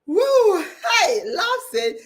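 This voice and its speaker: A woman hosting a live online hangout, excited and tearful, laughing as she reads out listener comments. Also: very high-pitched, very slow. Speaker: podcast host.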